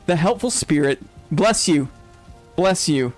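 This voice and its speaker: A man streaming a game live, commenting casually and getting excited and gushing as he explores. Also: a little high, slow, faint music behind. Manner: excitable, gushing, laughs often.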